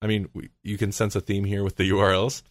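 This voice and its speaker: A man's voice: lowish voice, completely flat delivery, fast talker, dry recording. A man hosting a casual podcast chat, rambling with lots of fillers and frequent laughs. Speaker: podcast host.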